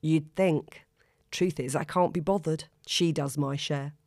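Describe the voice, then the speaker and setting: A woman's voice: deep voice, unhurried, dry recording, studio quality. A woman reading aloud and voicing a confident, frank female lawyer. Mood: breezy. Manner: relaxed, frank.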